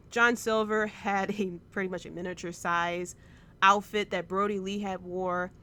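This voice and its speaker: Recapping a show on her casual wrestling podcast, a thirty-something woman gets emotional and rambles with many fillers. Her voice is mid-range, fairly bright, clear, and resonant.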